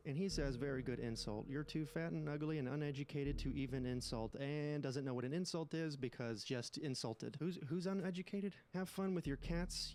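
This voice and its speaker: A man's voice: mid-range voice, a little mellow. Male YouTube commentator, dry sarcastic delivery, light background hiss. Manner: sarcastic, reads texts aloud with mock voices. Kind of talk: scripted commentary reading messages.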